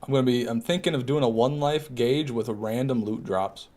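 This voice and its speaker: A man's voice: medium pitch, moderate pace, darkish tone. Man, live game stream, casual joking chat, reads viewer comments.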